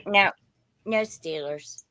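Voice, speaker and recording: A woman with a Southern Indiana accent tinged with Pennsylvania hosts a live-stream glass sale, chatting in a folksy, rambling way. Her bright voice moves at an unhurried pace. The sound is close and dry. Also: fairly low pitch, no room sound. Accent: Southern Indiana, mixed with Pennsylvania. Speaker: host selling vintage glass. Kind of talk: casual live-stream sales chat.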